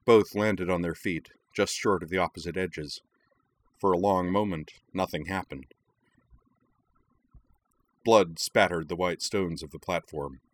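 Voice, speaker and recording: A man reads a story aloud with steady, dramatic narration. His voice is very deep. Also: unhurried, pauses often. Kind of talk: audiobook reading of fan fiction.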